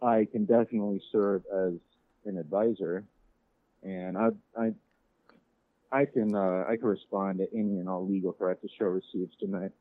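A man's voice: sits low, fairly even intonation, moderate pace, no echo. A man calling into a radio show, joking and rambling as he gets drunk. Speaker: caller. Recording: tinny phone line.

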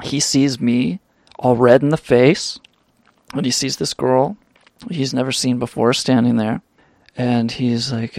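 Slow, rambling young man host. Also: medium pitch, little pitch movement, gravelly, a little mellow, dry recording, clean studio sound. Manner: profane, rambling with many fillers. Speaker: radio show host. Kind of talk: storytelling drug anecdote.

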